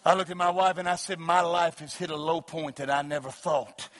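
A middle-aged man preaching a sermon, rising into loud shouted passages and then telling joking stories about his family and dog. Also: on the high side, flat delivery, fairly quick, a little hiss or hum. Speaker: pastor. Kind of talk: sermon with humorous storytelling.

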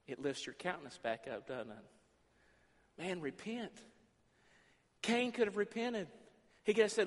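Pastor, high-pitched man, preaching with shifting volume and acted-out dialogue, reverberant church. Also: brisk, sharp tone. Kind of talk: sermon. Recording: long reverb in a large hall.

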